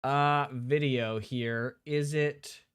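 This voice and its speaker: A young man co-hosting a casual live stream, excitable and quick to exclaim and laugh. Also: medium pitch, clear, resonant tone. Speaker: co-host.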